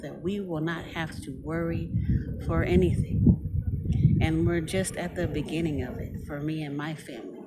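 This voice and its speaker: A woman walking in a park, a little out of breath, offering gentle, prayerful blessings to her viewers. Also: low-pitched. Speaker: vlogger. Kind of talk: prayerful outdoor vlog. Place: outdoors in a park. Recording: loud outdoor noise.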